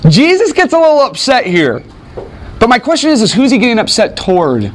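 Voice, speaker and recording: A man's voice: extremely high pitch, huge pitch swings, brisk. A man teaching a Bible class, lecturing conversationally to a room of students and peppering the talk with rhetorical questions.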